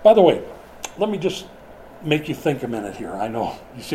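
A man's voice: mid-range voice, big pitch swings, brisk, mellow, slight background noise, poor audio. A middle-aged man preaching a sermon in a conversational way, asking the congregation questions as he goes. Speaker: pastor.

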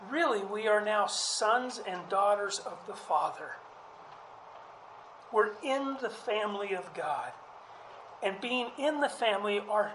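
A male pastor delivers a sermon in a high, earnest voice, often repeating words as he builds each point. The sound carries the roomy echo of a church hall, with a faint ambient hum underneath. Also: fairly bright tone.

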